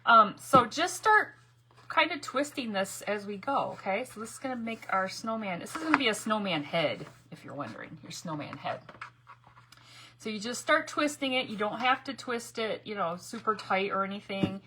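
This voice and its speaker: A woman hosts a casual live crafting stream from home, talking viewers through each step. She chats freely, laughs a lot and greets people by name. Her voice is bright and sharp, over a faint background noise. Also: medium pitch, animated, moderate pace. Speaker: craft livestream host.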